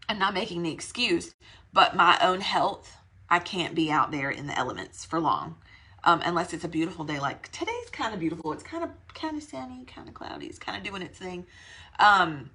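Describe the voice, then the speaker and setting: A woman's voice: lowish voice, pushed and bright, husky. A young woman, slightly out of breath, giving her sales team a chatty, rambling pep talk. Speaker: direct sales consultant.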